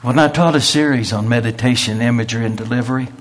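A man's voice: medium pitch, fast. A man, preaching a sermon in a folksy storytelling way. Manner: folksy storytelling with quoted voices.

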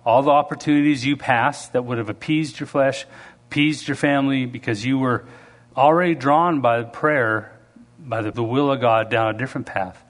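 A middle-aged man preaching a sermon, telling stories and shouting out the lines of the people in them. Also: mid-range voice, moderate pace. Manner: storytelling, acts out quoted voices loudly. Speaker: pastor.

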